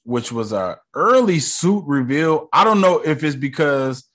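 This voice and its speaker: A man's voice: on the high side, very animated, measured pace, fairly bright tone. Laid-back slangy American podcast guy. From United States. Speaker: podcast host. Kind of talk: casual solo podcast review.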